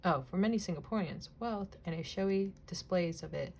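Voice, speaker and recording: A young woman chatting casually while cutting images from a magazine, rambling, laughing often, swearing lightly and now and then dropping to a soft whisper. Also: on the low side, a little fast, vocal fry, a little hiss or hum. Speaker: crafting vlogger. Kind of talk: casual chatty crafting vlog.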